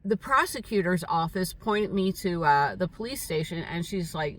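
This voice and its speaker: An older woman telling a rambling, halting story in a casual vlog monologue, with many fillers. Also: on the low side, lively intonation, fairly bright tone, distant mic. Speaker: vlogger. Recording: voice set back from the mic.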